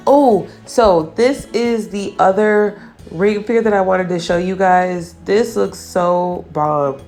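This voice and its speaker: A woman's voice: fairly low pitch, slow, a little mellow, faint music behind. A woman nail artist giving a casual voice-over for her nail art tutorial, chatty and teasing herself about her own mistakes.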